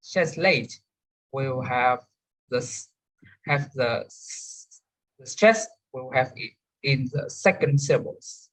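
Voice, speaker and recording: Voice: medium pitch, rough recording. A young adult student giving a careful class presentation, with frequent restarts. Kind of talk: class presentation on English word stress.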